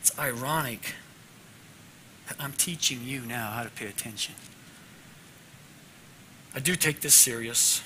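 A man teaching a class devotional in an earnest way, moving from loud teaching to a hushed prayer. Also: mid-range voice, unhurried, long pauses, slight background noise.

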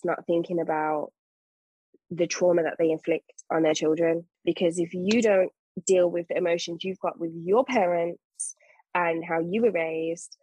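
A woman's voice: on the low side, a little mellow, breathy edge, dry recording, rough recording. A woman, a mother, talking earnestly and emphatically in a casual podcast conversation. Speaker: guest, mother.

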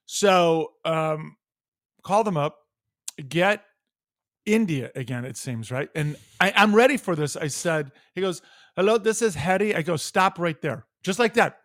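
A man's voice: fairly high pitch, measured pace, dry recording, studio quality. A man from the United States telling a heated, profane story on a podcast, acting out both sides of a phone call. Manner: animated, profane, acts out phone calls. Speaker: podcast co-host. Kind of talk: casual storytelling rant.

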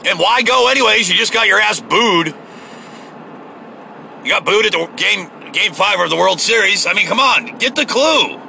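Heated, profane man ranting, gravelly bright voice. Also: high-pitched, animated, moderate pace, a little hiss or hum, low-quality recording. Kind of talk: ranting political monologue.

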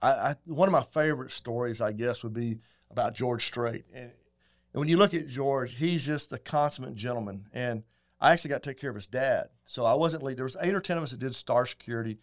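A middle-aged man, a guest telling folksy, animated stories in casual chat. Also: medium pitch, a little fast. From Texas. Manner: folksy, animated, acts out quotes. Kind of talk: casual storytelling.

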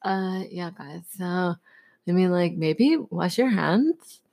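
A woman's voice: on the low side, lively intonation, slow pace, a little mellow. A woman co-hosting a podcast in a loose, casual chat, with lots of fillers. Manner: laid-back, filler-heavy talk. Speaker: podcast co-host.

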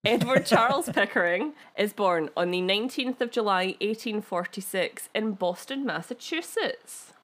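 A woman's voice: mid-range voice, animated, moderate pace, few pauses, a bit bright. Giggly Scottish woman telling history. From Scotland. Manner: chatty, giggly, self-deprecating asides. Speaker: podcast co-host. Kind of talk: casual chat, telling a history story.

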